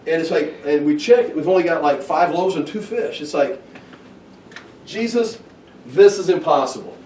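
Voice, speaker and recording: A man's voice: a little high, a little fast, a little hiss or hum. Male Bible teacher in an echoey room. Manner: animated, acts out scenes with excited outbursts. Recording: echoey room, heard from a distance.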